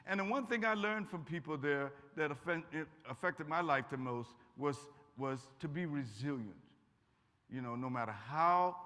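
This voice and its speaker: An older man from Kentucky telling stories to a college audience in a folksy, humorous way, now and then acting out what people said. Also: medium pitch. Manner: folksy, warm humor, acts out quotes. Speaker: guest speaker. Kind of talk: lively storytelling talk to students. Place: college auditorium. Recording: echoey hall.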